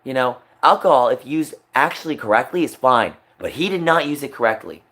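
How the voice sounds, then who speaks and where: A man streaming live, venting in an emotional rant that swings from low muttering to a raised voice. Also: animated, a little fast, a bit bright.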